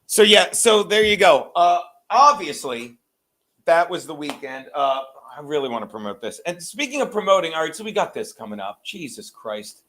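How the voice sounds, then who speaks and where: High-voiced profane rambling podcast host. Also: male voice, big pitch swings, moderate pace, sharp tone. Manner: rambling, profane, laughs often. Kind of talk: casual chat.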